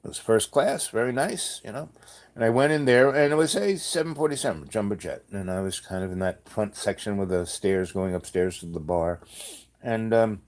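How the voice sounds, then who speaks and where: A man's voice: on the low side, animated, moderate pace, darkish tone. A man telling a story in a loose, rambling way, with many restarts and joking asides. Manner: rambling, full of fillers and restarts, jokey asides. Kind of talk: casual spoken storytelling.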